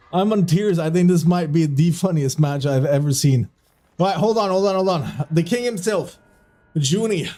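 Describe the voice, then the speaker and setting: A man with a notably high voice calls a video game tournament live from his streaming desk. He keeps dissolving into giggles as the match goes sideways and stumbles over his words when he loses track. The commentary is loose and excitable. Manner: keeps breaking into giggling fits while commentating.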